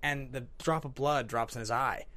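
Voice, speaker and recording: A man with a medium-pitched voice and moderate pace hosts a casual movie podcast. He talks animatedly, acting out scenes he loves in quoted voices.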